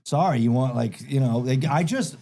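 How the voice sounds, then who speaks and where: A man's voice: mid-range voice, moderate pace, mellow. A man chatting casually on a podcast, rambling and profane, often laughing mid-sentence. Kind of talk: casual chat.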